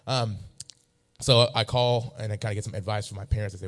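A man's voice: lowish voice, fairly even intonation, fairly quick. A man preaching a sermon, mixing a funny personal story with emphatic, repeated phrases.

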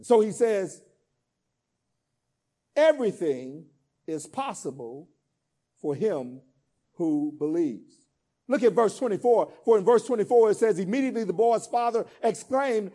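Male pastor, high-pitched, rhythmic call-and-response preaching that swells to emphatic peaks, folksy asides. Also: animated, a little slow, pauses often, warm tone. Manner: informal vernacular asides. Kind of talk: sermon.

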